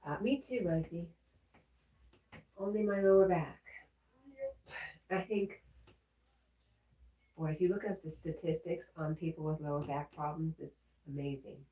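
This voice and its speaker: A woman with a low, mellow voice hosts a casual early-morning livestream from home, speaking unhurriedly with frequent pauses. She reads viewer comments aloud and coos baby talk to her dog, and the mic is far off in a roomy-sounding space.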